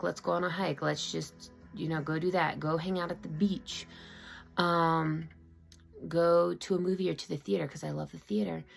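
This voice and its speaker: A woman with a lowish, heavily gravelly voice talks from her room at home in a loose, confiding way. She rambles and restarts often, full of "um" and "like". Faint music plays behind her. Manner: rambling, open and emotional, many fillers and restarts. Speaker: vlogger. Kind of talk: casual personal confiding talk.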